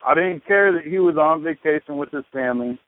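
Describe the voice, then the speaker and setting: A man's voice: a little high, brisk. A man in his thirties, a podcast guest telling his story in a loose, profane, rambling way. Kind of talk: casual conversation. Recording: tinny phone-like line.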